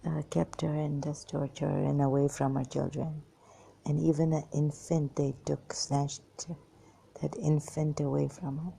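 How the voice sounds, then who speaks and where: An exhausted woman talking into a hand-held phone in a halting, hesitant way, often slipping into whispers. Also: low voice, gravelly, dark tone, slight background noise. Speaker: vlogger. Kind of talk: personal monologue to camera.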